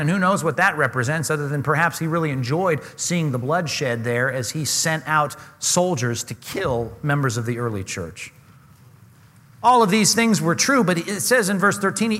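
A man's voice: fairly high pitch, fairly bright tone, long reverb tail. A man preaching a sermon, earnest and emphatic, often asking his listeners questions. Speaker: pastor.

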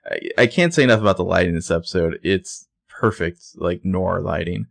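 A man's voice: deep voice, a little fast, gravelly, no room sound. A man co-hosting a podcast, chatting casually and enthusiastically about a TV episode's look and details, with lots of "like". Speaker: podcast co-host. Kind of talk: casual recap chat.

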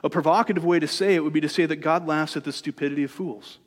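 Male pastor, slightly high voice, conversational sermon delivery with rhetorical questions, long hall echo. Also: steady tone, quick pace.

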